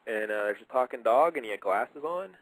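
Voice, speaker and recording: A man's voice: medium pitch, lively intonation, a little fast, no room sound, low-quality recording. A young man hosting a casual radio show, who chats enthusiastically in a rambling way. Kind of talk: casual chat.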